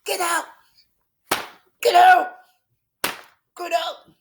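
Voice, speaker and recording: A woman voicing an angry male ship's radio operator who yells at people. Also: high-pitched, expressive, takes it slowly, gravelly, background noise, pitched above the performer's own voice, exaggerated voice. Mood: furious. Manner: yelling.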